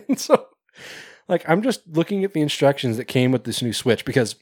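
A man's voice: medium pitch, very animated, normal speed, a little mellow, breathy edge, dry recording, studio quality. A man hosting a podcast in casual chat, rambling, swearing and laughing often. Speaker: podcast host.

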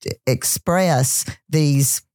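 A woman's voice: low-pitched, very slow, no echo. Southern woman chef, dry close sound. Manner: animated, many restarts and "you know"s. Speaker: celebrity chef and entrepreneur, guest. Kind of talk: casual interview storytelling.

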